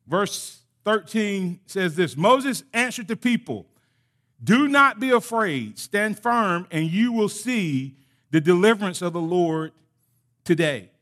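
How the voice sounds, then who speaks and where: A pastor with a high, bright voice preaches in an animated, direct way, acting out conversations between God and his listeners with lively emphasis. He eventually drops into a soft closing prayer.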